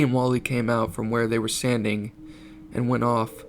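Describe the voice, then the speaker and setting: A man reading a fan-written story aloud as narrator, switching into animated character voices for the dialogue. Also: mid-range voice, normal speed, slight background noise.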